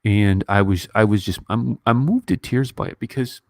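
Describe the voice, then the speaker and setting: A man's voice: fairly low pitch, normal speed, darkish tone, no room sound. Rambling fifty-something man, dry close sound. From United States. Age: 50s. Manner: rambling, emotional, many fillers and restarts. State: stuffy nose from crying. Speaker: YouTube movie reviewer. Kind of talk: casual livestream chat.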